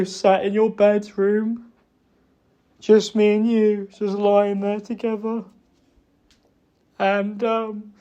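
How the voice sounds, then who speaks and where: A young man apologising to his partner in a private talk, halting and remorseful, stumbling over fillers and swearing. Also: high-pitched, darkish tone.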